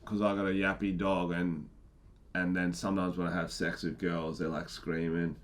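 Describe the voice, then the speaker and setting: A young man hosting a podcast, talking casually and often dropping quiet and laughing. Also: deep voice, level tone, normal speed. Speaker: podcast host. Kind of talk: casual chat.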